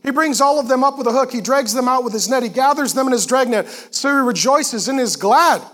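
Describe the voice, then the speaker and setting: A pastor preaching a sermon to a congregation in a church, animated and emphatic, with quick asides to the crowd. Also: male voice, very high-pitched. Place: church auditorium before a congregation.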